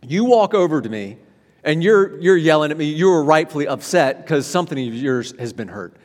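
Pastor, male, slightly high voice, animated sermon delivery with stumbles and restarts, long hall reverb. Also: moderate pace. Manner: animated preaching with frequent restarts, rising loud then dropping quiet.

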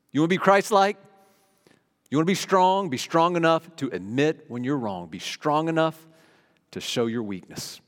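Male pastor, middle-aged, mid-range voice, conversational sermon delivery in an echoing hall. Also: mid-range voice. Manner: earnest, conversational, swings from loud emphasis to hushed. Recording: long reverb of a hall.

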